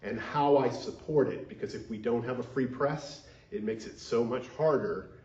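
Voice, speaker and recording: Male minister, earnest sermon delivery, mid-pitched, echoey lo-fi sanctuary sound. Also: moderate pace, darkish tone. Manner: earnest, leads call-and-response. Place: church sanctuary. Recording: dull echoey sanctuary recording.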